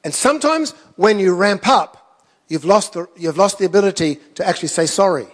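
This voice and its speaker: A man's voice: high-pitched, animated, fairly quick. Man preaching in an echoey hall. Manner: conversational storytelling with self-deprecating asides. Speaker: pastor. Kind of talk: sermon.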